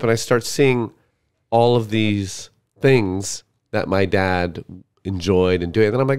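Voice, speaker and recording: A man with a somewhat low voice chats casually as a podcast guest. He tells his stories in a loose, rambling way, full of fillers and restarts. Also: brisk, darkish tone, clear, resonant tone. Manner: rambling storyteller, many fillers. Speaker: guest comedian.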